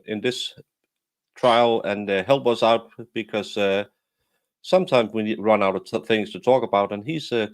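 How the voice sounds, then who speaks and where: A man from Denmark with a Danish accent, hosting a casual livestream chat over a video call, halting with many fillers and restarts. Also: medium pitch. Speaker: livestream host.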